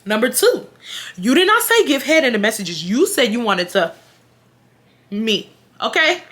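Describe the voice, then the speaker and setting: A young woman on her vlog recounts a story in a blunt, animated way, swearing freely and turning to her viewers to talk to them. Her voice sits a little high and has a bright, forceful edge. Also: measured pace. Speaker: vlogger.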